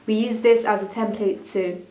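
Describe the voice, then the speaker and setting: Young female student presenter, reads haltingly, roomy echo, mid pitch. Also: fairly even intonation, warm tone. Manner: stumbling, restarting lines. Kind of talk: reading a school media evaluation.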